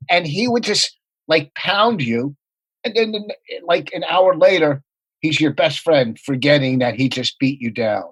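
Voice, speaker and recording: A man telling rapid, profane comedy anecdotes in a casual podcast chat. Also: fairly high pitch, a bit bright, breathy edge, no room sound, poor audio. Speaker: comedian guest.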